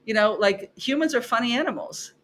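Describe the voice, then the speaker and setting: A middle-aged woman, a professor guesting on a podcast, telling stories about her classes in an expressive way, acting out her students and repeating herself for emphasis. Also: on the high side, fairly quick. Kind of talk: animated conversational storytelling.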